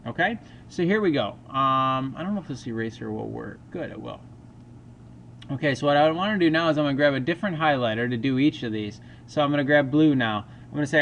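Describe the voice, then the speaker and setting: A man's voice: mid-range voice, lively intonation, fast, creaky, fairly bright tone, slight background noise. A man teaching a recorded math lesson, talking through each step aloud with casual asides.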